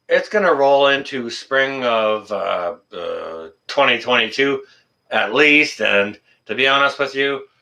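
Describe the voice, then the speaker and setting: A man's voice: mid-range voice, sharp tone. A man hosting a casual live stream, answering chat in a blunt, joking way and swearing freely.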